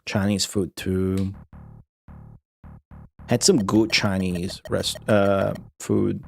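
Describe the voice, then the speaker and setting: Give me a young man drawling through a casual live stream, dropping swear words and answering chat at an unhurried pace. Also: low-pitched, level tone, gravelly, darkish tone, faint music behind. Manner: profane, offhand, answers chat. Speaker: streamer playing retro games.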